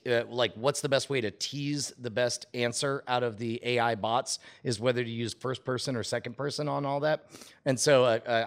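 A man co-hosting a casual tech podcast, talking animatedly and laughing as he recounts a game. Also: mid-range voice. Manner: animated, laughing, reads game text aloud with rising excitement. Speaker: podcast co-host.

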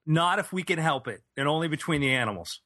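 A man playing a deadpan charity worker under questioning, giving short flat answers. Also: fairly high pitch, quick pace, no echo, clean studio sound. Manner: deadpan, terse yes-or-no answers. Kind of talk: improvised comedy role-play.

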